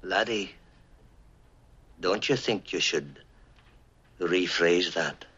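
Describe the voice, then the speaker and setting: An actor playing a gruff, loyal middle-aged starship engineer with a Scottish accent, from a played TV clip. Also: male voice, low voice, very slow, fairly bright tone, full character voice. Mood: warning. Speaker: ship's chief engineer. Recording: dull lo-fi TV audio with music.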